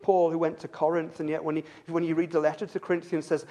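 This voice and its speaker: Man, preacher, high-pitched, earnest sermon, stumbling repeats. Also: little pitch movement, fast, dark tone. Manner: earnest, with frequent stumbling word repeats and rhetorical "don't we?".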